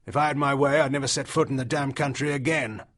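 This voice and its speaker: A stubborn husband raised on a plantation snaps out his bitterness, as the narrator puts him on. He speaks bluntly, a little louder than the narration. It is a character in a read short story. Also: medium pitch, fairly even intonation, fast, close to an everyday voice. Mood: bitter.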